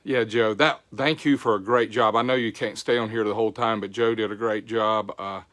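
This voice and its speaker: A man's voice: on the low side, fairly even intonation, brisk, fairly bright tone. An older man hosting a casual livestream, folksy, greeting viewers by name. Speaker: show host. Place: home.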